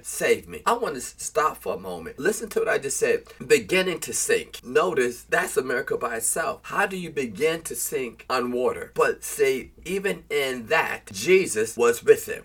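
Male preacher for a sermon read, slightly husky, earnest and exhorting, moves between reading scripture and direct appeal. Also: mid-range voice, a bit bright.

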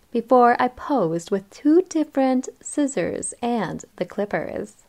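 A woman's voice: medium pitch, darkish tone. A woman reading a first-person story aloud in a cheerful, playful and teasing manner. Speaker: narrator.

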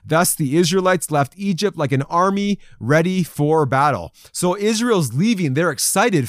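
A man preaching a sermon to a men's group, reading scripture and acting out the people's voices with lively emphasis. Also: high voice, a little slow, few pauses, no echo, clean studio sound. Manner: animated, acts out crowd voices in quotes. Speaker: pastor. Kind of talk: sermon to men.

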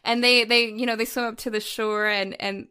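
A woman's voice: on the high side, level tone, normal speed, bright, forceful tone, clean tone. A woman co-hosting a podcast, chatting about a film with gushing emotion, tearful at times and full of restarts and fillers. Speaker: podcast co-host. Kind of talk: casual film discussion.

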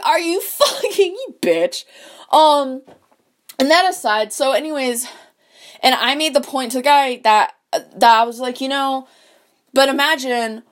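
A young woman in a casual, rambling rant, swearing often and full of fillers and restarts. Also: fairly high pitch. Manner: profane, rambling, many fillers.

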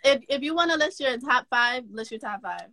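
A woman hosting a casual girl-talk podcast interview, animated and chatty, laughing often and affirming her guest. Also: high voice, brisk, no echo. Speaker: podcast host.

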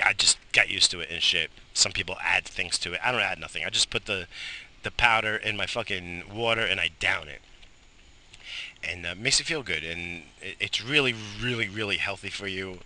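A man in his thirties hosting a morning show, ranting casually with heavy swearing, coughs and sighs, recorded outdoors while smoking. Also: sits low. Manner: profane, animated ranting with frequent coughs and sighs. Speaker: host of a morning radio show. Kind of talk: casual rambling monologue.

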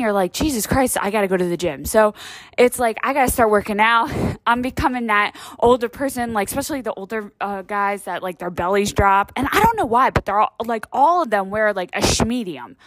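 A woman's voice: medium pitch, no echo. A woman hosting her own vlog in a casual, rambling monologue, swearing freely and saying "like" constantly. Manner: rambling, profane, heavy use of "like". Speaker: vlog host.

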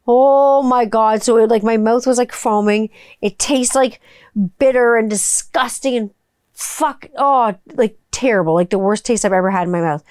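Chatty woman, smooth clear voice. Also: on the high side, normal speed, darkish tone, no echo, clean studio sound. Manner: chatty, rambling, peppered with "like" and swearing. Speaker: vlogger. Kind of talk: casual chat.

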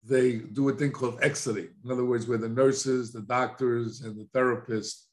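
A man's voice: mid-range voice, steady tone, moderate pace. An older man, an addiction counselor, speaking plainly in a casual interview and telling stories with quoted dialogue.

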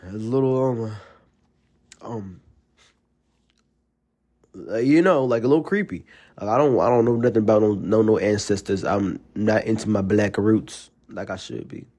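This is a man from Alabama with a Southern US accent, hosting his own podcast alone. His voice sits a little low, and he tells his stories in a rambling, animated way, full of fillers and restarts. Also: normal speed, pauses often. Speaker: podcast host. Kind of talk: casual solo podcast monologue.

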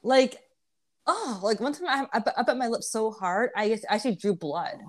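A woman in her twenties, her voice on the high side with lively intonation, chats at a moderate pace on her podcast. She's open and foul-mouthed, laughs a lot and keeps starting over mid-thought.

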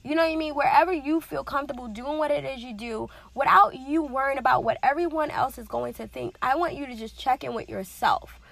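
A woman's voice: sits high, a little fast, creaky, hardly any pauses, a bit bright. A woman in a casual, earnest motivational talk, speaking conversationally with many fillers and repetitions.

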